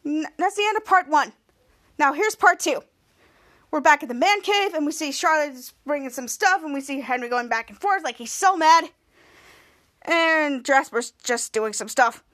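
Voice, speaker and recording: A woman's voice: sits high, expressive, moderate pace, a bit bright, no echo, studio quality. A woman hosting a podcast, casually recapping a TV episode scene by scene with lots of "cut to" and questioning fillers. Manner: rambling, repeats "cut to" with questioning "hmm?" fillers. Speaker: podcast host.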